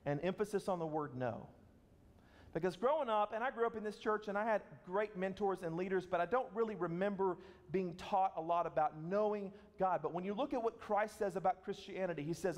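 High-voiced pastor preaching in a hall. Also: male voice, brisk. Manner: earnest, conversational preaching with emphatic repetitions. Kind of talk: sermon.

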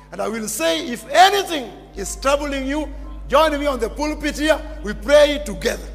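A man preaching a sermon as pastor, emphatic and repetitive, bursting into shouts. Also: very high-pitched, creaky. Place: church. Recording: long church reverb with music behind.

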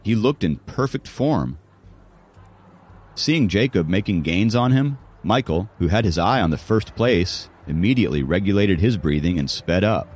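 A man's voice: low-pitched, animated, moderate pace, a little mellow, slightly rough. A man narrating an audiobook in a dramatic storytelling manner. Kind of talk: scripted narration.

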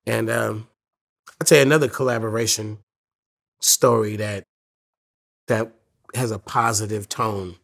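A rapper in his fifties, a guest in a casual interview, tells stories in a laid-back, profane way, quoting people in voices. His voice is on the low side, creaky, and fairly bright in tone. He speaks a little slowly with fairly even intonation and long pauses.

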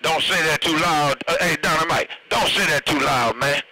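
A man's voice: a little high, normal speed, bright, forceful tone, a little hiss or hum, rough recording. A man teasing and joking over a CB radio, signing off his turns with radio lingo. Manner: joking, teasing, signs off with "break, break". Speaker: CB radio operator. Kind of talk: CB radio chatter.

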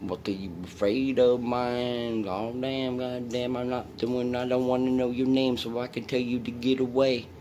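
A man's voice: medium pitch, level tone, moderate pace, hardly any pauses, darkish tone, slight background noise. A man vlogging in a rambling, profane way, coaxing and talking to an unseen presence and his dog.

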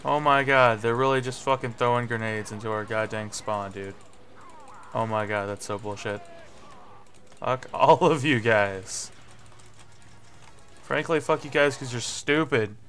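A young man doing live gameplay commentary, swearing and getting frustrated, with sudden yelling bursts. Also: medium pitch, moderate pace. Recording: faint music behind.

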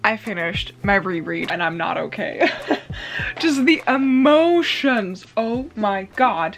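A woman's voice: medium pitch, a bit bright. Young woman, early twenties, book vlogger; gushy, emotional, laughs a lot. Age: 20s. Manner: gushing and emotional, laughs often. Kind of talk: casual reading vlog.

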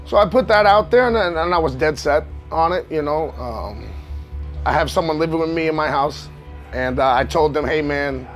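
A man's voice: a little high, normal speed, faint music behind. A man, a professional wrestler telling his story in a candid sit-down interview, emotional and rambling. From New York. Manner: emotional, rambling, frequent "you know what I mean".

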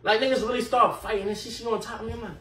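A man telling a casual storytime in an animated, slangy way full of fillers and profanity. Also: very high voice, very fast. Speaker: storyteller vlogger. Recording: echoey room, mic at a distance, faint noise.

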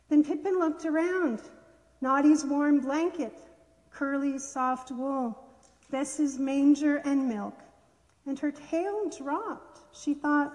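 A woman gently and expressively reading a children's story aloud in a church worship service. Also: high voice, slow, in a large hall.

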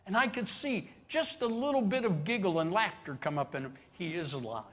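A man's voice: sits high, very animated, a little fast, a bit bright. A man preaching a sermon as pastor, telling stories animatedly and acting out the quotes with chuckles. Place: church sanctuary with long reverb.

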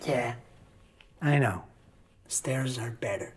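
A man's voice: medium pitch, slow pace, a little hiss or hum, natural voice. A man playing an awkward rambling talker. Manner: rambling, awkward nervous chatter. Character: awkward talkative man stuck in a lift. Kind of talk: film drama acting.

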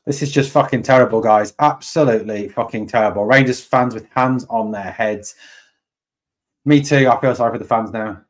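A man's voice: medium pitch, moderate pace. Angry man ranting after a match. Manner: angry, repetitive, swearing, deflated. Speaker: fan channel host. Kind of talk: live match reaction stream.

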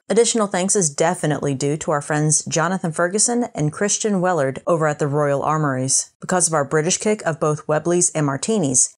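Low-voiced woman, playful. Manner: friendly, playful, laughs along. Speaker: co-host. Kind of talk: casual chat.

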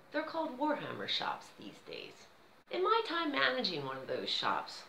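A woman's voice: fairly high pitch, bright, forceful tone, reverberant, a little hiss or hum, low-quality recording. An American woman telling a personal story in a conversational vlog style, with an American accent. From United States. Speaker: vlogger.

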